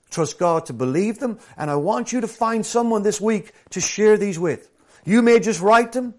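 A man preaching a sermon. He drops to hushed, slow scripture reading and then builds to loud, lively storytelling. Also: high-pitched. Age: adult, former professional soccer player.

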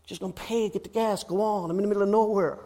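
An Irish preacher with a notably high voice delivers a sermon. He tells anecdotes with rising excitement and laughter, then drops to a soft, earnest hush for his appeals. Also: fast talker. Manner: animated storytelling, swinging from loud and excited to hushed and earnest.

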